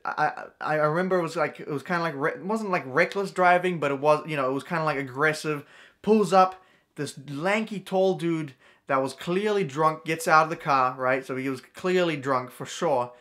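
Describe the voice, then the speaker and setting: A young man with a fairly high voice tells a storytime vlog to a camera indoors. He rambles, trips over his words and stacks up fillers as he goes. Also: normal speed, a bit bright. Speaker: vlogger.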